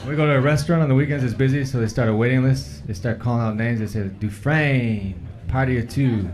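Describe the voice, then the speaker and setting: A male stand-up comic with a mid-range voice and a flat, dry, deadpan delivery. He is recorded live on a club stage through a handheld mic, with a steady wash of noise behind him. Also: mid-range voice, racing, a faint crowd. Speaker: stand-up comedian. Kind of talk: stand-up comedy set.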